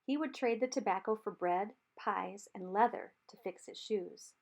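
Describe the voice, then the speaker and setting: A woman narrates a novel chapter aloud in an audiobook reading. Her delivery is steady and measured, and her voice sits at an ordinary middle pitch. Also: gravelly.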